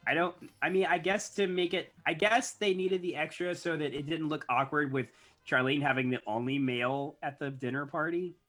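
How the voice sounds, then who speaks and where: A woman's voice: deep voice, moderate pace, fairly bright tone. Hesitant, wry female podcast co-host. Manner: hesitant, self-correcting, wry. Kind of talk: casual recap chat.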